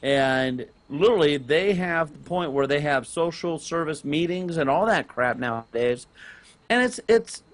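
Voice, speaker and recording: A middle-aged man, telling a long personal story on a casual gaming podcast, rambling with restarts and getting loud on key points. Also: a little high, unhurried. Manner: animated, rambling with restarts, rises loud on emphasis. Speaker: podcast co-host and parent.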